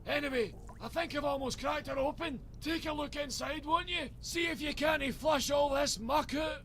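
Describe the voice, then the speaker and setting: A man voicing a cheeky, gruff Scottish repairman in a video game, brisk and chummy. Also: very high voice, steady tone, fairly bright tone, a little hiss or hum.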